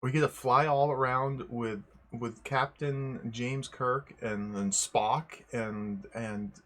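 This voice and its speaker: A man's voice: mid-range voice, steady tone, slow pace, fairly bright tone. A young man hosting a livestream, chatting casually, greeting viewers one by one and often rambling and correcting himself. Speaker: livestream host.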